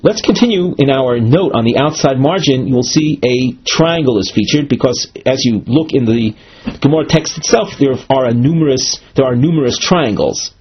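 Husky-voiced man teaching a Talmud lesson. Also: mid-range voice. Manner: measured, explanatory, with frequent fillers and restarts. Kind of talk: recorded Talmud lesson walking through a marked text. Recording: dull lo-fi recording.

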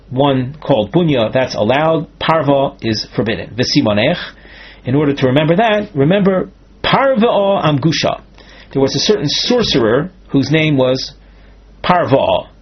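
Husky-voiced man teaching Talmud. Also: medium pitch. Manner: methodical, explains terms step by step with some restarts. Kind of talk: Talmud study lecture. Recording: dull lo-fi recording.

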